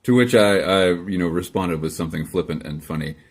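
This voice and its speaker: A man's voice: sits low, a little fast. A man answering viewer comments in a casual video, dry and sarcastic, rambling along with self-deprecating asides, recorded in his garage. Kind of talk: casual chat to camera. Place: home garage.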